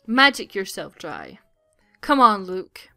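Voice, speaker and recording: A woman voicing a cocky, taunting teenage boy prankster in a game, pitching her voice lower. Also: wildly swooping pitch, takes it slowly, vocal fry, sharp tone, soft background music, heavily acted. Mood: smug.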